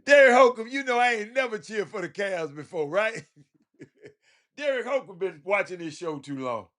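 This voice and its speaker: A man with a Houston, Texas accent hosts a casual sports talk stream, speaking in a high voice at a moderate pace. He's animated, laughs often, and talks directly to his chat.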